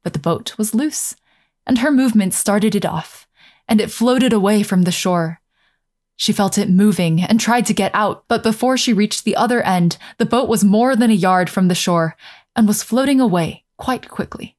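A woman narrating a fairy tale aloud in a calm, measured way, slowing down over scenic passages. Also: mid-range voice. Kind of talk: storybook narration.

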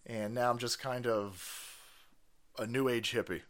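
A man's voice: mid-range voice, measured pace. A man hosting a live stream, ranting casually and profanely between viewer chats and laughing often. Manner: animated, foul-mouthed, laughs often.

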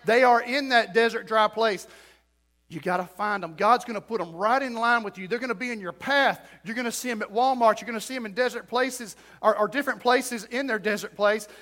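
A man preaches a folksy sermon in church. His voice sits high and sounds bright and forceful. He trades joking asides with the congregation as he goes. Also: a little fast. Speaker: pastor.

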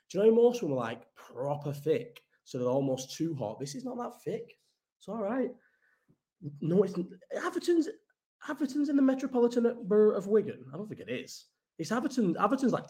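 A young man's voice, pitched on the high side with a dark tone, carries a casual live-chat stream he hosts. Rambling and swearing, he replies to viewers' comments as he goes along.

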